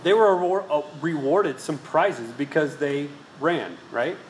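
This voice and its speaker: A man gives a sermon a little slowly in a slightly high voice, weaving stories and rhetorical questions aimed at the congregation. The echoey hall has faint ambience and slight background noise.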